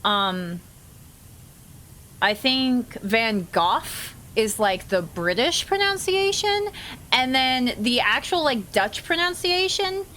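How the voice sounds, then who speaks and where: A woman with an American accent chats away on a game stream, giggling often and scattering "like" through her sentences. Her voice is bright and crisp, sitting slightly high. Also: very animated, slow, slight background noise. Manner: chatty and giggly, full of "like" fillers. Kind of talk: casual live-stream chat.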